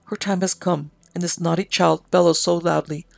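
A man's voice: fairly high pitch, steady tone, normal speed, creaky, no echo. A man reading as a bossy village midwife. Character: bossy, self-important village midwife woman.

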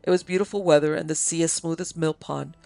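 Gravelly male storyteller, dry close sound. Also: on the high side, steady tone, fast talker, darkish tone, dry recording, faint music behind. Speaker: narrator and producer. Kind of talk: audiobook reading of a classic sea story.

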